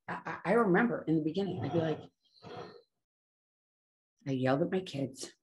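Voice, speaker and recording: A woman's voice: low voice, a little mellow. A woman speaking casually and earnestly about staying sober, often trailing off and correcting herself as she goes. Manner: earnest, rambling, self-correcting. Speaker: recovery speaker. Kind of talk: casual spoken talk on sobriety.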